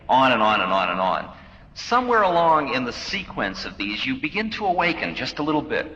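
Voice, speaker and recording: A man's voice: a little high, sharp tone. A man giving a recorded spiritual talk as a teacher, musing and playful, acting out little scenes as he goes. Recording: dull, echoey hall recording with faint hiss.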